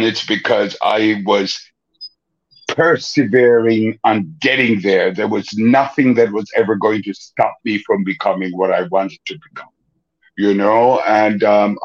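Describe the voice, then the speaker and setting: An older man, a guest actor and painter, speaking reflectively in an interview, with many halting fillers and restarts. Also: on the low side, lo-fi sound. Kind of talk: interview conversation.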